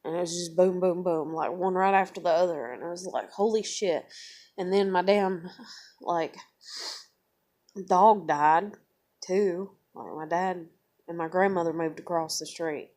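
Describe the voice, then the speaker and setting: A woman's voice: on the low side, unhurried, a little mellow. A woman talking straight to camera in a casual confessional vlog, venting in a worn-out way, swearing often and restarting her sentences. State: weary, emotionally worn down. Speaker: vlogger.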